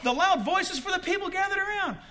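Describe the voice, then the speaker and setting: Casting note: male pastor, very high and bright voice, lively delivery with shouted peaks and laughs. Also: fast. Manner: animated, shouts for emphasis, jokes and laughs. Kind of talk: sermon.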